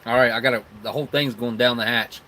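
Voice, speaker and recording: A man's voice: medium pitch, fairly even intonation, fast talker, bright, forceful tone, a little hiss or hum, poor audio. A man with a Southern rural American accent hosting a casual live stream, rambling and chuckling as he tastes snacks and talks with his mouth full.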